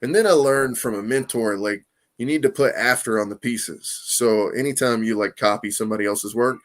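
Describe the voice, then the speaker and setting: Animated, swearing man telling a story. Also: medium pitch, normal speed. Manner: animated, profane, lots of "you know what I mean"; acts out quoted voices, laughs often. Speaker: comic artist guest. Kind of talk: casual storytelling interview.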